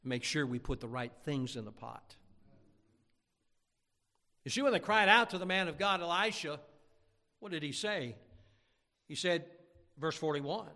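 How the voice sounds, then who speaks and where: A man's voice: on the high side, expressive, measured pace, long pauses, pushed and bright, long reverb tail. A man pastor preaching a fervent, emphatic sermon in a church sanctuary.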